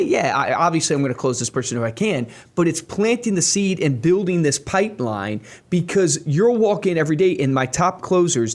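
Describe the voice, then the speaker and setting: A man co-hosting a podcast, speaking emphatically in a coaching tone to his audience. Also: a little high. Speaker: podcast co-host. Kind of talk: casual podcast chat.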